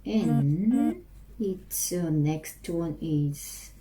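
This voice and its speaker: A woman with a Korean accent practicing English on her own, haltingly repeating and restarting phrases. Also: sits low, big pitch swings, dark tone, low-quality recording. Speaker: language learner practicing English. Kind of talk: self-recorded English practice.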